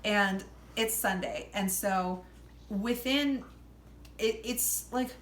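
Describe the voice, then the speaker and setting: A young woman telling a story in a casual chat, loud and animated, swearing freely and acting out the people she quotes. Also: mid-range voice, slow. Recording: echoey room, faint background hum.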